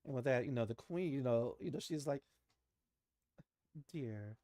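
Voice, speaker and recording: A man's voice: mid-range voice, quick pace, mellow, no echo, studio quality. Casual laughing male game master. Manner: casual, laughing, many fillers. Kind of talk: narrating a tabletop game.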